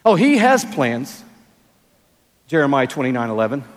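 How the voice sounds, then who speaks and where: A pastor in his sixties preaching a sermon in a large arena, with emphatic, drawn-out phrasing and playful asides. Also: medium pitch, big pitch swings. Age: 60s. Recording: long arena reverb.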